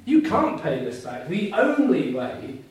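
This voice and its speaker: Guy preaching a sermon, earnest and emphatic, repeats his points, voice a bit high, super echoey room. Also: wildly swooping pitch, measured pace, darkish tone. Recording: very echoey room, mic at a distance.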